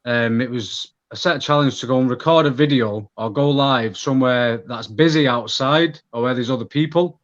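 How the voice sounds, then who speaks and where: A man's voice: mid-range voice, moderate pace, few pauses, highs cut off. Candid Manc man, rambling chat. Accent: Manchester. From Manchester, England. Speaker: guest. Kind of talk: casual chat.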